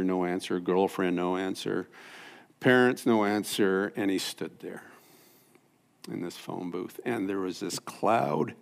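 A man preaching a sermon, telling stories that swing from loud and high to hushed and low. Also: creaky. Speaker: pastor. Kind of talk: sermon storytelling.

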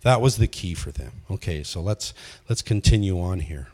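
A man's voice: deep voice, lively intonation, normal speed, a little mellow. A man giving an informal teaching sermon, asking the room questions and chuckling often. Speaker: pastor leading a Bible study.

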